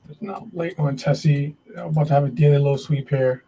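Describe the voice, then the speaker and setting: A man's voice: fairly high pitch, steady tone, fairly quick, dark tone, breathy edge, rough recording. A man hosting a live day trading stream, talking to himself and viewers as he trades, often frustrated and swearing.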